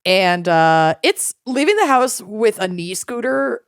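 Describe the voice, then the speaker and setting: A woman's voice: medium pitch, big pitch swings, slow, clean tone, no echo, studio quality. A woman co-hosting a podcast in casual chat. She swears freely and laughs often. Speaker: podcast co-host.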